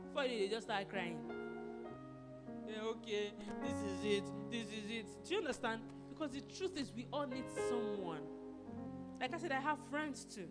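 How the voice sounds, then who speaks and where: With music playing behind her, an animated Nigerian woman pastor preaches conversationally in a fairly high voice. Her Nigerian English sermon is full of laughter and questions thrown to the audience.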